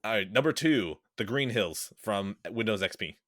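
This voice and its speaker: A man's voice: lowish voice, expressive, moderate pace, a bit bright, dry recording, clean studio sound. Rambling casual man hosting a podcast. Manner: rambling and self-correcting, swears casually. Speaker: podcast host.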